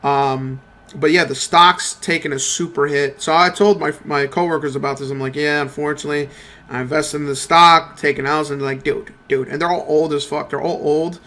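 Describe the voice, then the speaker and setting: A young man rambling through a profane, animated story while commentating a mobile game he is playing. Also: a little high, a little fast. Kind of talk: casual gameplay commentary rant.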